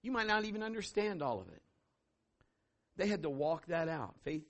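A middle-aged man preaching a sermon as pastor, telling stories and acting out voices with sudden loud bursts. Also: fairly high pitch, very animated, normal speed.

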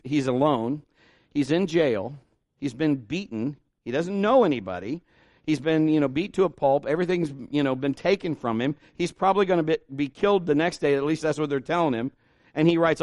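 Male pastor, fairly high voice, dry close sound, plainspoken sermon delivery with folksy asides. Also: dry recording. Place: church.

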